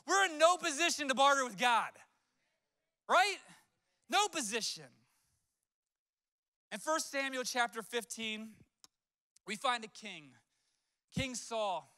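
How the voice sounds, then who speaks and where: A man's voice: very high-pitched, lively intonation, measured pace, long pauses, sharp tone, no room sound, studio quality. A man preaching a sermon as pastor, telling stories in a conversational way and acting out quotes. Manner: conversational storytelling with acted-out quotes.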